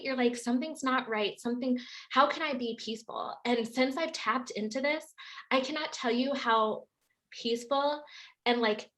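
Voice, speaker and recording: Woman educator guest, bright forceful tone, talkative, lots of "like". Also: sits high. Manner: chatty, animated, frequent "like". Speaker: fertility awareness educator, guest. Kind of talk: casual podcast chat.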